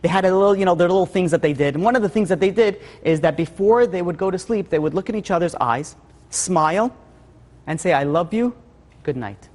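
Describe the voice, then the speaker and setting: A man's voice: sits high, quick pace, a little mellow. A male rabbi telling a story in a sermon, casual with lots of "like" and "you know". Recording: long hall reverb.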